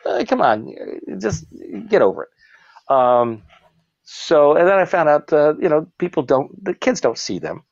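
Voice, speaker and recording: Brief: animated male interview guest, lively raised voice, dry, slightly dull recording. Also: a little slow, no echo. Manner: animated, jumps into high shouted voices for quotes, laughs often. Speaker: professional clown, guest. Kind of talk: casual interview storytelling.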